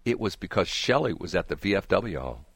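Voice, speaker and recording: A man's voice: deep voice, very animated, fairly quick, gravelly, husky, no echo, studio quality. A man hosting a radio talk show, chatting casually and rambling with jokes and restarts. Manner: rambling, joking, frequent restarts.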